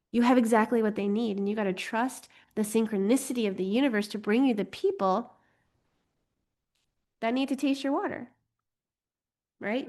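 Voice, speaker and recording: Chatty female teacher, animated delivery, mid-pitched voice. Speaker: astrology and human design teacher. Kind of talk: casual teaching talk.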